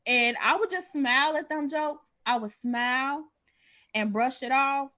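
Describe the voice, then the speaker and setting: A woman, candidly telling a personal story and acting out the dialogue with big pitch jumps. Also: a little slow, sharp tone. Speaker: podcast guest sharing a personal story.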